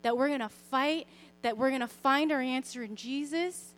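A woman's voice: high-pitched, normal speed. A woman in her thirties giving a sermon-style personal testimony, talking conversationally and earnestly with frequent fillers and asides. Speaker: speaker sharing a testimony.

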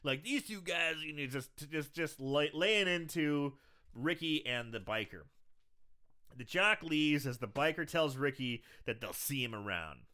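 On the high side and smooth, the man's voice moves a little slowly as he casually recaps a movie as a podcast co-host. He's animated and laughs often, acting out what the characters say.

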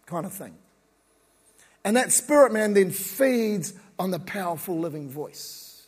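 Guy preaching casual and slangy, high husky voice, big echoey hall. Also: a little slow. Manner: relaxed, slangy, conversational preaching. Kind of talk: casual sermon. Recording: long reverb of a large hall.

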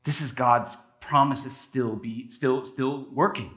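A man's voice: mid-range voice, slow pace. A man preaching a sermon as a pastor in a casual, conversational way. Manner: conversational, animated, acts out quotes with a raised voice. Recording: echoey room.

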